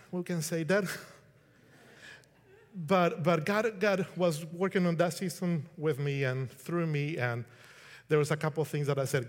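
A middle-aged man from Colombia, giving a casual, conversational sermon and acting out quotes. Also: fairly high pitch. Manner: conversational, restarts, acts out quotes. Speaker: preacher. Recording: long hall reverb.

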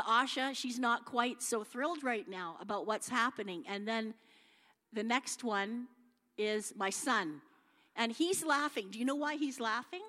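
A woman's voice: a little high, sharp tone. A middle-aged woman giving an informal church talk with slides, chatty and homely, with many fillers and restarts. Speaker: guest speaker at church. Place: church hall. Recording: long hall reverb.

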